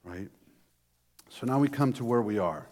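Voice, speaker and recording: Man preacher, mid-pitched, lively storyteller, hall with long reverb. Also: moderate pace. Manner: animated storytelling with restarts. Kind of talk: sermon.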